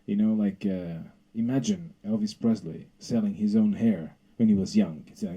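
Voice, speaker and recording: A man doing a rambling, deadpan stand-up comedy bit. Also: fairly low pitch, moderate pace, slightly rough, low-quality recording.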